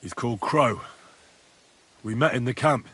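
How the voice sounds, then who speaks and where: An actor voicing a reserved young medieval soldier hero in a video game, speaking plainly. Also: male voice, mid-range voice, unhurried, a bit bright, slightly rough. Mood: uneasy.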